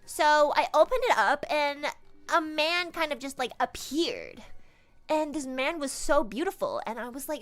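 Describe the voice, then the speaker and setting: Bubbly high-voiced young woman streamer. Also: very animated, unhurried, a bit bright, faint music behind. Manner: bubbly, exaggerated, lots of "oh my God". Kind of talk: casual storytelling.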